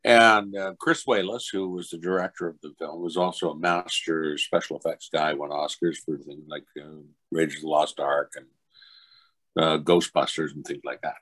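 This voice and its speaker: A man's voice: moderate pace, poor audio. An older man, a voice actor, telling anecdotes in an interview and acting out other people's voices. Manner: animated, acts out other people's voices in high pitch. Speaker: voice actor guest.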